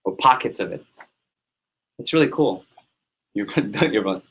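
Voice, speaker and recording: A man leading a sales team meeting, giving an energetic motivational talk full of anecdotes and repetition. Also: on the low side, a little slow, husky. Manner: energetic, repeats himself, tells anecdotes. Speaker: team leader running a sales prep meeting.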